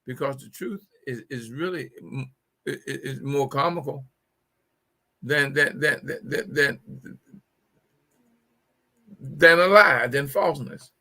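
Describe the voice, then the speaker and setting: A man's voice: mid-range voice, takes it slowly, pauses often, sharp tone. A middle-aged man hosting a live call-in show, telling jokes casually, repeating his punchlines and stumbling over words. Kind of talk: casual humorous talk.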